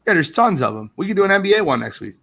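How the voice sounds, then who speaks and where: A man hosting a casual live sports podcast, reading viewer comments aloud in an animated way. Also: high-pitched, racing, creaky. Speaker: podcast host.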